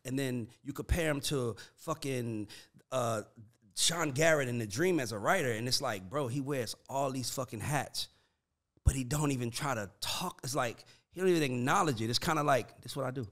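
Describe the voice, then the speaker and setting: With a medium-pitched voice at normal speed, a man who hosts a podcast and manages writers and producers runs a loose, casual chat. His storytelling is animated, full of profanity and slang, with "like" and "dog" coming up constantly.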